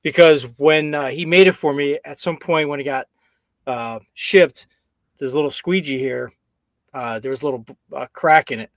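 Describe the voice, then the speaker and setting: Male co-host, somewhat high voice, rambling casual delivery, dry close sound. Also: moderate pace, dry recording. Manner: rambling, stops and restarts with many uh's. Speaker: co-host, screen printing business owner. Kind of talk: casual live-stream chat.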